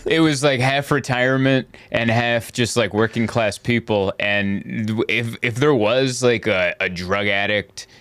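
A man hosting a podcast, chatting casually and throwing in quick jokes. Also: mid-range voice, fairly even intonation, a bit bright. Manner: jokey, quick comebacks. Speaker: podcast host. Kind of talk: casual chat. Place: podcast studio.

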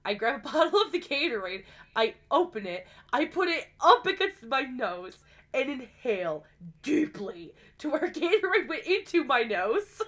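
Sick woman podcast host, out of breath, bright voice, swears a lot and laughs. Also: sits high, sing-song, unhurried. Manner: profane, laughing storyteller. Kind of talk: casual podcast chat.

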